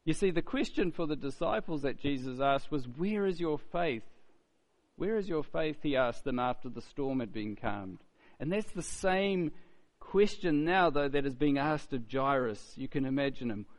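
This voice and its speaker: A man's voice: mid-range voice, animated, normal speed. A man preaching a sermon in a conversational way, often asking "isn't it?" and repeating words as he goes.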